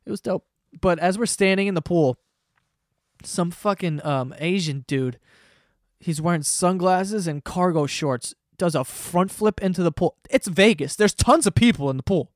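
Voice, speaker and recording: A man's voice: high-pitched, moderate pace, no echo. Profane rambling young man, dry sound. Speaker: podcast host. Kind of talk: casual storytelling monologue.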